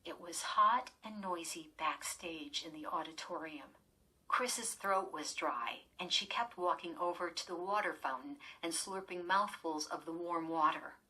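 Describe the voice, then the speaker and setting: Sex: woman. Role: audiobook narrator. Style: scripted horror story narration. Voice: bright, husky. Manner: measured. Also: fairly low pitch, rough recording.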